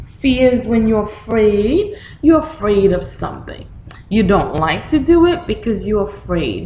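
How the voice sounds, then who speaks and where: This storytime lesson has a woman of medium pitch reading a picture book to young kids, animated as she questions them and acts out reactions. The audio is poor and reverberant, carrying a little hiss or hum.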